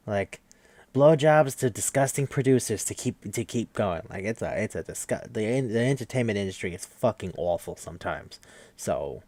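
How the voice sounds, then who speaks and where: A man hosting a podcast, recapping an anime episode in an animated, profane, incredulous chat. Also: medium pitch, no echo.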